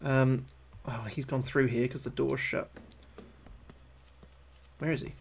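A man streaming a horror game live, excitable and swearing, yelping when he gets scared. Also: mid-range voice, slow pace, vocal fry, slightly rough. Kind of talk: live gameplay commentary.

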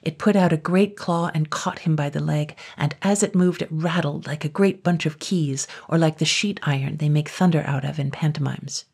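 A woman narrating a classic children's story in a measured way, dropping to a whisper in tense moments. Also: low-pitched, vocal fry, darkish tone, slightly rough.

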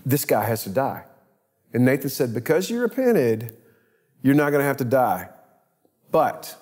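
A man's voice: husky, long reverb tail. A man, a pastor, telling a scripture story conversationally and acting out the characters' voices. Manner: animated, acts out biblical voices with big pitch jumps.

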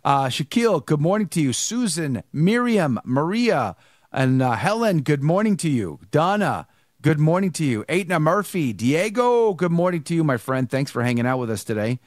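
Man, host, lively pitch, slightly high, dry close sound, greeting viewers one by one. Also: moderate pace, no room sound. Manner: animated, greets viewers by name. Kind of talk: livestream greetings and chat.

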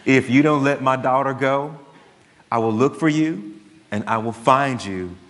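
A man with a Southern US accent, a pastor voicing a calm, menacing father on the phone during a sermon. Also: medium pitch, a little slow, close to an everyday voice. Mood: steady menace. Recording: long church hall reverb.

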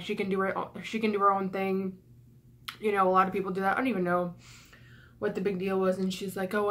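A young woman venting in a vlog, flustered and breathless, rushing her words with sighs and swearing, stressed and near tears with her voice cracking. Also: medium pitch, a bit bright. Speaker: YouTuber. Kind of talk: emotional vlog rant.

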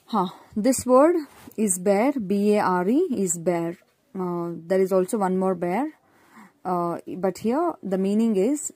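A woman teacher reading a children's poem aloud slowly and expressively, then explaining pronunciation and word meanings, slipping in Hindi-Urdu phrases. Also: medium pitch, no echo. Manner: slow, deliberate, expressive reading with careful correction of words.

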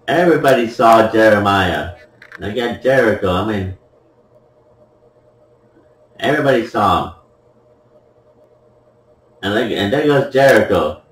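A man's voice: fairly low pitch, animated, a little slow, pauses often. A man giving playful, joking commentary over a game replay, laughing at his own jokes, in an echoey room with the mic at a distance. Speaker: gameplay commentator.

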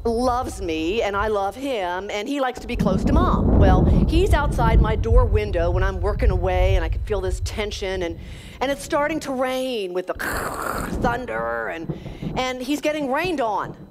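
Animated, higher-pitched woman giving a motivational talk. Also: measured pace, noisy background. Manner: animated storyteller, acts out her own past words; frank and self-deprecating. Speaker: speaker at a leadership conference.

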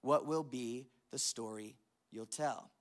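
A pastor in his thirties delivering a sermon, telling stories with self-mocking humor and dropping to a hushed voice when he prays. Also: medium pitch, slow. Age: 30s. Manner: drops to a soft, hushed voice in prayer.

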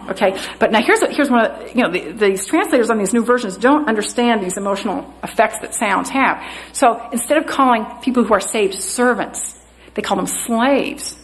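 A woman's voice: on the high side, lively intonation, normal speed, low-quality recording. A woman giving a rambling, earnest Bible study talk in a church, spelling out words letter by letter and correcting herself often. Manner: earnest, with frequent fillers and self-corrections. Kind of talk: lecture-style teaching talk.

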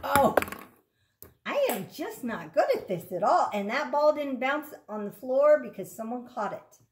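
A woman speech therapist leading children through a slow, enthusiastic word-practice game. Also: high voice, very animated, darkish tone. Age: adult. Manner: slow, enthusiastic coaching prompts.

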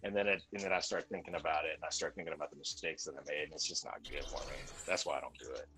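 A man's voice: very deep voice, rapid-fire, poor audio. A man in his forties venting bluntly in casual chat while streaming, full of swearing. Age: 40s. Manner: profane, blunt, animated venting.

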